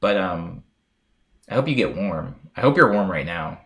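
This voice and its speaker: Reading out messages and drifting from one story to the next, this young American streamer keeps his talk relaxed, chatty and playful, full of fillers. He speaks at a normal speed with vocal fry, his pitch rising and falling animatedly across each sentence.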